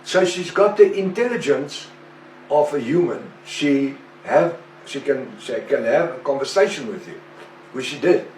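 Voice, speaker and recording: Slow preacher, echoey room. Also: male voice, mid-range voice, lively intonation, a little mellow, recorded from a distance, slight background noise. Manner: slow and deliberate, with rhetorical questions. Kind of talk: sermon-style teaching monologue. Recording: echoey room, voice away from mic, faint ambience.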